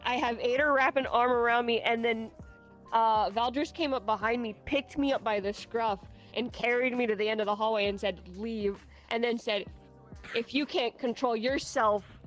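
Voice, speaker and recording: A woman's voice: fairly high pitch, steady tone, normal speed, faint music behind. A tired woman chatting casually about a roleplay, speaking frankly and swearing. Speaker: roleplay streamer. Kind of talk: casual chat.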